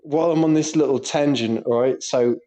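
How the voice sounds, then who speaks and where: A man co-hosting a casual football podcast, telling animated stories with lots of laughter and swearing. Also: medium pitch, normal speed. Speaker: podcast co-host; primary school teacher.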